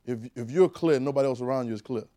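A man preaching a conversational sermon, repeating phrases and rising to shouted calls. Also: mid-range voice, fast talker.

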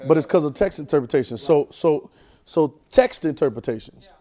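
A man's voice: a little high, lively intonation, normal speed, mellow. A man preacher teaching a Bible class, repeating phrases and pulling call-and-response answers from the room.

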